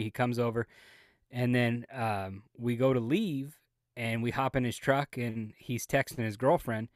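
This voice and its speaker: A man's voice: medium pitch, no echo. A man on a podcast telling a long personal story, swearing freely and acting out everyone's lines. His voice sits in an ordinary middle register. The sound is close and dry, with no room around it. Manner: profane, animated storyteller who acts out the other people's lines. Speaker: podcast co-host. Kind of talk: casual storytelling.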